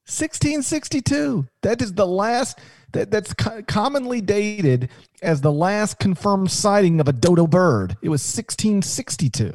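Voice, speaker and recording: A man chatting on a podcast, his voice mellow and warm in tone but swinging widely in pitch as he jokes and spins stories. The sound is dry and close, with no room around it. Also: unhurried, dry recording. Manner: animated, jokey storytelling with restarts. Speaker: podcast co-host, sports analyst. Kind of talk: casual podcast banter.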